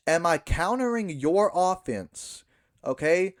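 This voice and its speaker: A young backyard wrestler rants to camera in a vlog monologue about how a wrestling match finished. His voice is on the high side, animated and a little slow, and he swears while mockingly acting out the scene.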